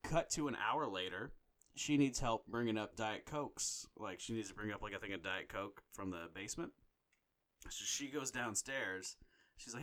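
A man's voice: fairly low pitch, moderate pace. A man in his thirties, a podcast co-host, telling stories in casual, profane chat. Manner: profane, animated storyteller.

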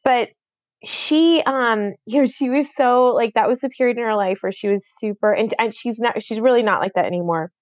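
A woman's voice: a little high, moderate pace, no echo. A woman in her thirties co-hosting a podcast, rambling in a casual chat with many fillers and restarts. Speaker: podcast co-host.

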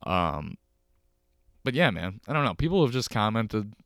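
Low, smooth-voiced Chicago guy rambling. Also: big pitch swings, normal speed, fairly bright tone, dry recording, studio quality. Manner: rambling, self-deprecating, swears freely. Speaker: podcast host. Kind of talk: casual solo podcast rambling. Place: home, on a couch.

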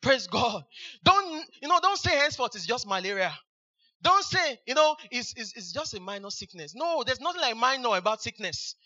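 A high, very bright male preacher, exclaiming hallelujah over and over between verses. His voice is sharp and piercing, and the recording is dull and lo-fi. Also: sing-song, moderate pace. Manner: exclamatory, repeats hallelujah, fervent. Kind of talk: sermon.

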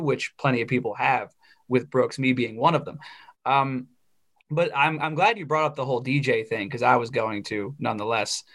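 A young man co-hosting a sports podcast, talking casually and getting heated and animated as he airs his opinions. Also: medium pitch. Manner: opinionated, animated when ranting. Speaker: podcast co-host. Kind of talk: casual chat.

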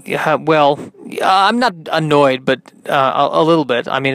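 Man, tired, comedian, podcast host, rambling, halting, self-deprecating, smooth resonant voice, dry sound. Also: fairly high pitch, fairly bright tone, dry recording. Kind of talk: rambling solo podcast monologue.

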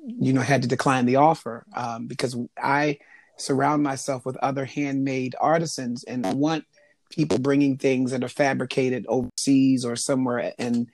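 A man speaking as an interview guest, answering thoughtfully and pausing often to find his words. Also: mid-range voice, little pitch movement, dry recording. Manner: thoughtful, halting with frequent ums. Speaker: interview guest, jewelry maker. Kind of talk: conversational interview.

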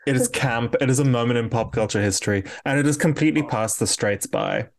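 Podcast co-host: man, campy and animated, acts out quotes. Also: mid-range voice, brisk. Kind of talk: casual chat.

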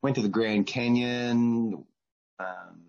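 A man's voice: mid-range voice, steady tone, takes it slowly, a little mellow, lo-fi sound. A man in his forties with an Australian accent, hosting a casual podcast interview with blunt, crude teasing. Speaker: podcast host.

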